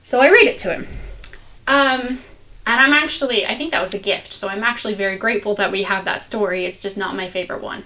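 A woman's voice: mid-range voice, fast talker, sharp tone. A young woman chatting casually and giggling, with lots of fillers. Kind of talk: casual chat.

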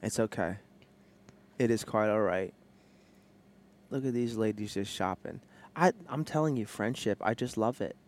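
A man co-hosting a casual podcast from a parked car on a headset, joking and telling stories with animated, playful energy. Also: fairly low pitch, moderate pace, long pauses. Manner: playful, jokey, animated storytelling. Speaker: podcast co-host. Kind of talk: casual chat.

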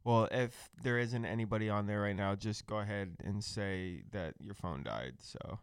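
A man's voice: on the low side, normal speed, clean tone. A man co-hosting a podcast, talking bluntly and animatedly, swearing as he tells stories. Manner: blunt, profane, animated storyteller. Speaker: podcast co-host. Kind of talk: casual banter.

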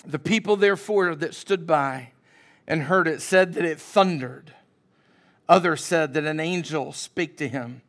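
High-voiced, unhurried preaching man. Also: a bit bright. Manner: emphatic preaching with call-and-response to the congregation. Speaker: pastor. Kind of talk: sermon.

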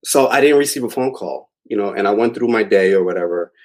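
A young man with a slightly low voice tells a personal story in a relaxed, rambling way. He keeps it casual and conversational, with plenty of filler words. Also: fast. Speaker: interview guest.

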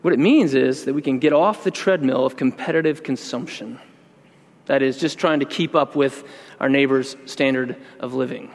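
A man preaching a sermon in an earnest, conversational way, slowing down to stress key words. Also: mid-range voice. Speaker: pastor. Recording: long reverb in a large hall.

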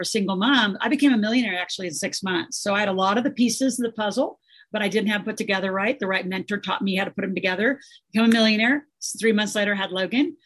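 A middle-aged woman speaking as a guest in a casual interview, emphatic and animated, full of fillers. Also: medium pitch. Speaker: guest, financial educator.

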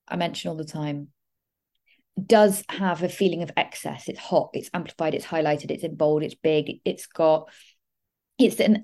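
A woman hosts a casual solo podcast in a lowish, mellow voice. She talks quickly and rambles, drifting into asides and laughing at herself as she goes. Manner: fast, rambling and digressive, with frequent asides and laughs. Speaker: astrology podcast host.

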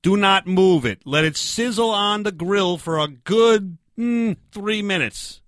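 A man doing a brash, loud barbecue know-it-all. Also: high-pitched, slow pace, dry recording, clean studio sound. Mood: blustery. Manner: pushy, interrupting, blustery. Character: brash loudmouth backyard barbecue guy. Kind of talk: improvised comedy sketch.

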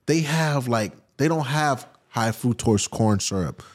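A man in his early thirties, a podcast guest telling stories in a slangy, profane, animated way and acting out the scenes. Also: medium pitch, unhurried. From United States. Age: early 30s. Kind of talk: casual podcast storytelling.

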